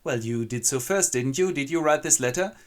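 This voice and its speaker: A man's voice: medium pitch, lively intonation, brisk, pitched above the performer's own voice, lightly acted. A man voicing a hot-headed, jealous young aristocrat in a comic play retelling, speaking petulantly and dramatically. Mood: accusing.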